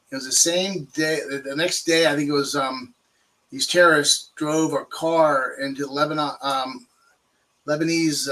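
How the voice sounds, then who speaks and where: An older man from Maryland telling his recovery story as an interview guest, halting, with many fillers and restarts. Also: a little high, sharp tone, rough recording. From Maryland, USA.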